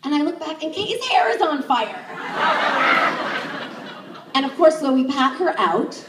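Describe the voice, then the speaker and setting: A young woman tells a personal story, her slightly high voice leaping up whenever she acts out her own thoughts. She sounds set back from the microphone, in a reverberant room. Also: measured pace, a loud crowd, heavy background noise. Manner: animated, acts out her own inner thoughts in jumps of pitch. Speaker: sex educator. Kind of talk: live first-person storytelling. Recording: roomy, distant stage mic.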